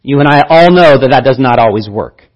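A man's voice: medium pitch, animated, brisk, poor audio. A man preaching a sermon as pastor, teaching earnestly and repeating key phrases for emphasis.

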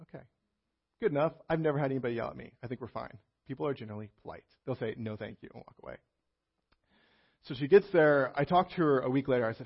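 A man's voice: on the high side, fast, husky, highs cut off. A man preaching a sermon in a conversational way, telling a personal story with many restarts and fillers.

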